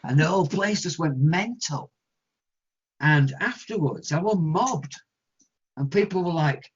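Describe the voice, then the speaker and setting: A man with an English accent, a guest musician telling stories in an interview, animated and acting out other people's voices. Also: fairly high pitch, unhurried, long pauses, breathy edge. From England. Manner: animated storyteller, acts out quoted voices. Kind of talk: storytelling interview answers. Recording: lo-fi muffled audio.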